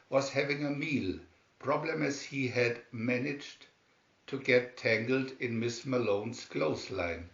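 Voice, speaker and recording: A man reading a children's storybook aloud at an unhurried, measured pace. His voice sits at an ordinary middle pitch. The room is echoey and the sound is a bit muffled. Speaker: storybook reader. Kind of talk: read-aloud storybook narration. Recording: roomy, dull lo-fi sound.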